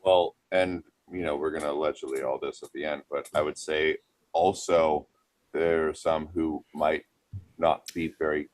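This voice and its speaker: A man co-hosting a podcast, asking questions in measured, casual banter. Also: a bass voice, fairly even intonation, darkish tone, no room sound. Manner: inquisitive, measured, plays it straight. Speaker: podcast co-host.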